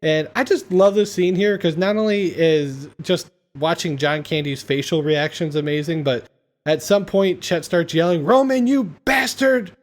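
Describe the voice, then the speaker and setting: High-voiced man recapping a film. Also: normal speed, darkish tone. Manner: retelling scenes with enthusiasm. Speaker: podcast host. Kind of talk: casual film-recap chat.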